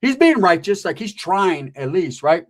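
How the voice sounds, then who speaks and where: A man telling a comedic story in an animated, profane, slangy way. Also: sits high, normal speed.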